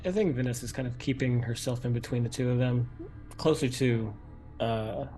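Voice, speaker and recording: A man quickly describing his character's position in a tabletop game, with filler pauses. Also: mid-range voice, mellow, soft background music. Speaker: player.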